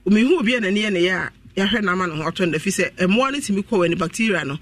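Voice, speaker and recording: Fast-talking man, off-mic. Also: high-pitched, animated, fairly bright tone. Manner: rapid, earnest explaining and advising. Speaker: health practitioner guest on radio. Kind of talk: radio health advice talk. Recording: voice distant from the microphone.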